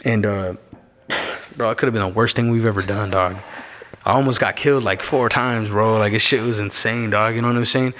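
A man's voice: lowish voice, fairly even intonation, fairly bright tone, slight background noise. Slangy man from Arizona, echoing room. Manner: slangy, laid-back, fills every pause with "bro" and "you know what I'm saying". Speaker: podcast guest. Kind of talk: casual storytelling. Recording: long echoing reverb.

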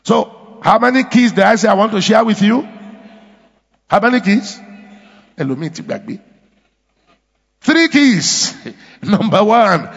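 Nigerian male pastor, emphatic call-and-response sermon, raised pitch, long church reverb. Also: animated, a little slow, pauses often, a bit bright, lo-fi sound.

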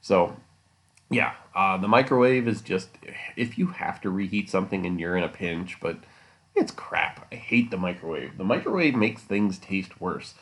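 A man with a fairly low voice hosts a solo podcast from home, talking loosely and answering listener questions. He rambles and jokes, teasing his listeners in a casual, unscripted way. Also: lively intonation, normal speed. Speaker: podcast host.

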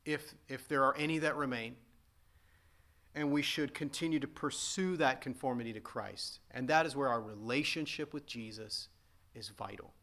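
A man's voice: mid-range voice, moderate pace, creaky, sharp tone. A man preaching a sermon as pastor, earnest and emphatic, often repeating and restating his points.

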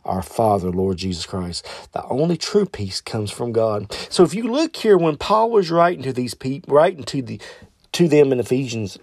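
A man's voice: big pitch swings, normal speed, a little mellow, no room sound, studio quality. A man preaching a podcast sermon and leading prayer, fervent, often calling out hallelujah and correcting himself as he goes. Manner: fervent, repeats hallelujah, swings from high exclamations to low prayer; loose, self-correcting delivery.

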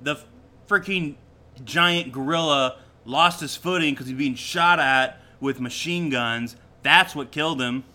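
Man, laughs a lot, rambly and casual, very bright voice, pitched a bit high. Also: measured pace. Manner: giggly, rambling with many "like" fillers. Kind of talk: casual chat trading movie quotes.

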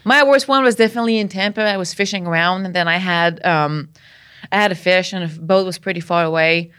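A woman from Canada, a podcast guest, telling a story in a lively way, laughing often and acting out what people said. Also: fairly low pitch, fairly quick, clear, resonant tone. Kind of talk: casual storytelling.

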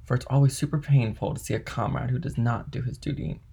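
A man voicing a scheming, envious male ship's clerk in an audiobook reading, with a husky voice. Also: medium pitch, fast talker, mellow. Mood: sly.

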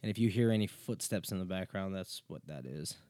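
A man hosting a casual comedy podcast, with a lively voice that swoops up and down as he jokes. He plays up his own ego in a self-mocking way. The recording is dry and close. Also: low-pitched, a little fast, no room sound. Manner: playful, self-mocking, jumps into bits. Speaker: podcast host and creator.

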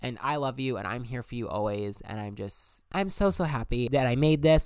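A man's voice: mid-range voice, animated, fairly quick, hardly any pauses, a little mellow, clean tone, no room sound. A young man telling a personal story as a podcast host, candid and emphatic, swearing often. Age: young adult. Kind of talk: personal monologue.

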